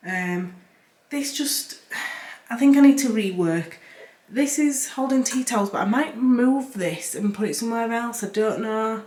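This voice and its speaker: A woman's voice: on the high side, measured pace, a little mellow. A young woman with a Yorkshire accent chatting casually and rambling a bit as she tours her house, talking from her kitchen. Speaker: cleaning vlogger. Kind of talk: casual vlog chat. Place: home kitchen. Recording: echoey room with faint background noise.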